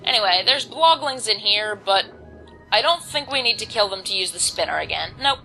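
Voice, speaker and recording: Teen girl, let's-play commentator, bright tone, chatty and rambling, faint music behind. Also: mid-range voice, animated, moderate pace, vocal fry, low-quality recording. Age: teens. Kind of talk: casual gameplay commentary. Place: home, volume kept low.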